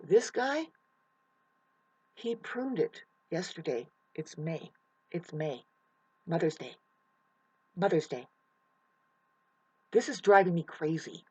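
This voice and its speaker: A husky-voiced vlogger rants to camera outdoors by a mountain creek. The talk rambles, swears freely and runs hot with emotion. The sound is close and dry, with no room echo. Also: mid-range voice, lively intonation, slow pace, long pauses, a little mellow, muffled recording. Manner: emotional, profane, restless. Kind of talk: rambling ranting monologue to camera.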